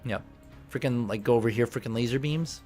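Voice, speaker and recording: A man running a tabletop game as game master, chatty and animated, often laughing as he talks through the rules. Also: mid-range voice, fairly quick, soft background music.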